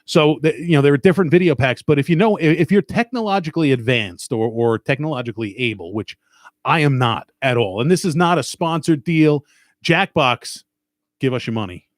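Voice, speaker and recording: A man's voice: on the high side, lively intonation, brisk, no echo. Man, Long Island accent, stuffed-up, profane rambling podcast host; dry close mic. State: stuffed up nose. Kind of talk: casual chat.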